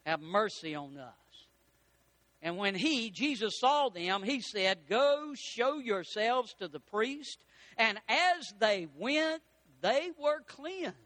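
A man preaching a folksy sermon, rising to loud peaks and slowing down for emphasis. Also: extremely high pitch, expressive, no echo. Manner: folksy preaching with dramatic rises and slowed emphasis. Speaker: pastor.

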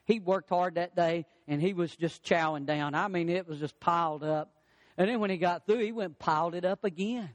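A man preaches a sermon in a high, ringing voice. He stacks repeated lines with rising emphasis and acts out the people he quotes. A long reverb from a large hall trails behind him. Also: moderate pace. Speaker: pastor.

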